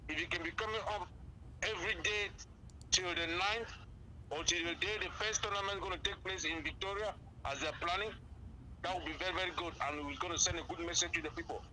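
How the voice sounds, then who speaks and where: A man's voice: high-pitched, fast talker, bright, forceful tone, slight background noise, poor audio. A man calling in to a radio show, speaking earnestly and repeating his key points for emphasis. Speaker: caller. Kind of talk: call-in phone contribution.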